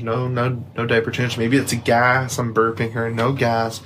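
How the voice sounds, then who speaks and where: A man's voice: medium pitch, monotone, moderate pace, fairly bright tone, slight background noise. A young man, a new father, telling a rambling story in casual podcast chat and filling it with "like". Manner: rambling, lots of "like", laughs often. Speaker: podcast co-host.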